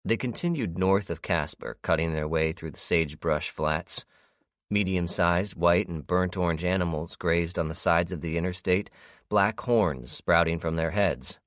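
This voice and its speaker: A man giving expressive scripted audiobook narration on a close mic. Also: low-pitched, moderate pace, no room sound. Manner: expressive storytelling.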